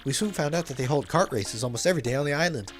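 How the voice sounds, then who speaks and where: A laid-back young man tells a long adventure story in easygoing slang, voiced by a man dubbing a game. The voice sits somewhat high and is backed by faint music. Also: expressive, rapid-fire, natural voice. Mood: storytelling. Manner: casual slangy storytelling, says bro a lot. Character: laid-back young male hero's brother telling a story.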